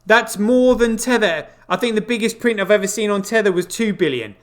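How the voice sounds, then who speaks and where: A man's voice: sits high, brisk, a bit bright. A man hosting a crypto show, giving casual, incredulous running commentary on what he sees on screen, with frequent exclamations. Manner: exclaiming, incredulous, swearing asides.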